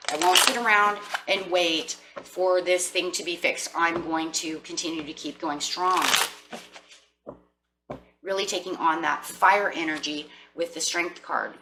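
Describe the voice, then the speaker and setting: A woman's voice: fairly low pitch, heavy background noise. A woman giving a casual, chatty tarot reading to her viewers, often acting out what people say to themselves. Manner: chatty, animated, acts out inner voices. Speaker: tarot reader.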